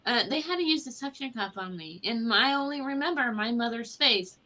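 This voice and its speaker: A woman's voice: on the high side, expressive, brisk, bright, forceful tone. A woman chatting casually on a live stream, teasing and joking with the others. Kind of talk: casual chat.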